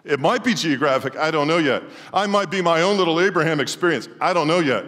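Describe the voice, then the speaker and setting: A middle-aged male pastor preaching a sermon emphatically, swinging between loud declarations and quiet asides. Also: fairly high pitch, animated, quick pace. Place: church sanctuary. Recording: long church hall reverb.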